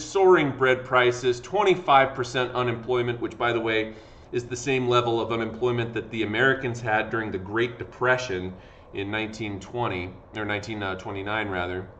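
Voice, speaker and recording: He teaches history in a relaxed video lecture, his medium-pitched voice a touch bright and clearly tired from talking. Fillers pepper his conversational delivery, and he acts out the quotes. The audio lacks high end and has faint background noise.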